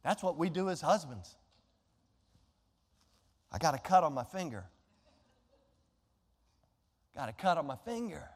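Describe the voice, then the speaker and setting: A man preaching a sermon, telling a Bible story in an animated way and throwing rhetorical questions at his congregation. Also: a little high, normal speed, long reverb tail. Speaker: pastor.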